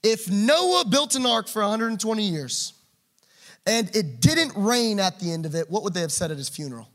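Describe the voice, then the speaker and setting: Brief: high-pitched male preacher, fervent sermon, loud calls then hushed asides. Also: big pitch swings, moderate pace. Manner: passionate, swings from loud urging to quiet asides.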